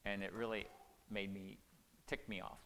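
A middle-aged man gives a sermon in a gravelly, creaky voice. He talks in an earnest, folksy way and drops soft and low when he quotes what he said to his family. His voice rings with a long reverb from a large hall, with a faint hiss behind it. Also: flat delivery, normal speed. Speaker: pastor or marriage speaker. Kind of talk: sermon with personal stories.

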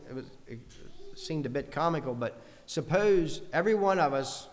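A man's voice: on the high side, long reverb tail. A man preaching a sermon in an earnest way, building long lists with rising emphasis.

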